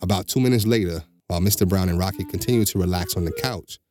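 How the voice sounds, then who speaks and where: A man narrating a bedtime story slowly and steadily, giving each character a voice. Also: low-pitched, darkish tone. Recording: music bed behind the voice.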